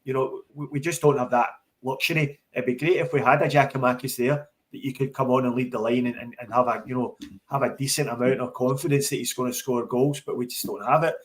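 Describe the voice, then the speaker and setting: A man's voice: medium pitch, steady tone, quick pace. Emphatic man arguing football points. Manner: emphatic, repeats words as he restarts. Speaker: podcast co-host. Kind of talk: casual football chat.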